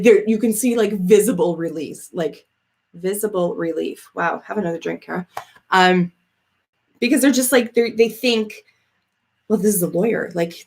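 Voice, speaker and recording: A woman in her thirties from Canada chatting casually with live viewers, swearing freely, laughing often and reading out their comments. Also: mid-range voice. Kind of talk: casual livestream chat.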